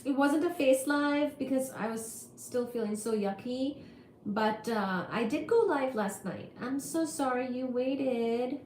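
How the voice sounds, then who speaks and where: A woman on a livestream talks to her viewers at an unhurried pace, in a slightly high voice, apologizing and chatting while she recovers from being sick. Her voice rings in an echoey room with a faint hum behind it. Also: a little mellow. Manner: chatty and apologetic, reads viewer comments aloud. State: recovering from illness. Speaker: livestream host teaching physics. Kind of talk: casual livestream chat with viewers.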